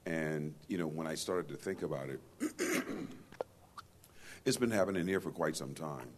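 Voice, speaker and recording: Church guy with a super low voice, halting, bit of hiss behind. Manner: hesitant, searching for words. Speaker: church member asking a question. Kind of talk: question from the floor.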